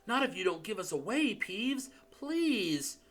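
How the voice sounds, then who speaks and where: A man's voice: sits high, very animated, a little slow, a bit bright, pitched above the performer's own voice, full character voice. A man voicing a tense young schoolboy who speaks urgently and pleads.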